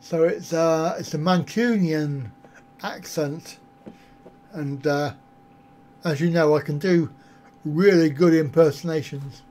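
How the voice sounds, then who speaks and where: A man's voice: a little high, takes it slowly, long pauses, a little mellow. A man on a casual live stream, answering viewer comments in a rambling, self-mocking way. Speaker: travel vlogger answering live chat.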